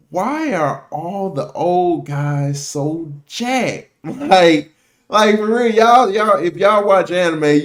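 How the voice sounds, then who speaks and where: Hosting a reaction video, a man with a voice on the high side recaps an episode in casual, profane slang and acts out the characters' lines.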